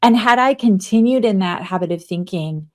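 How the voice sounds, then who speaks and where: A woman in her forties, a guest author on a podcast, telling a personal story in a lively, animated way and acting out her own thoughts. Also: mid-range voice, normal speed. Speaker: guest, author and leadership coach. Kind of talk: casual podcast interview.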